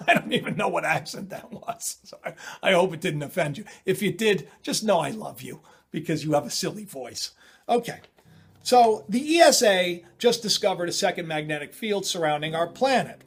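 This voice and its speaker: A man hosting his own channel, talking in a rambling, excitable way full of digressions and self-interruptions. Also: sits high, moderate pace, vocal fry, breathy edge. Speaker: channel host. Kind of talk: rambling spiritual commentary.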